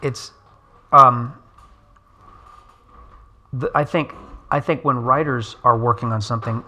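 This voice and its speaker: A middle-aged man, an animation director, telling a story in an interview and acting out the characters' lines with sudden pitch jumps. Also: fairly even intonation, unhurried, long pauses, pushed and bright.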